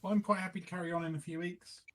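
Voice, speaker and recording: Male player, somewhat high voice; hesitant, thinks while talking, trails off. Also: steady tone, racing, fairly bright tone, a little hiss or hum. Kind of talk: casual table talk.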